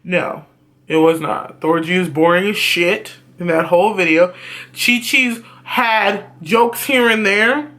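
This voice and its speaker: Guy with a high bright voice, cussing and ranting through his review vlog. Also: slow pace. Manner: blunt, profane, animated ranting. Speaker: YouTube reviewer.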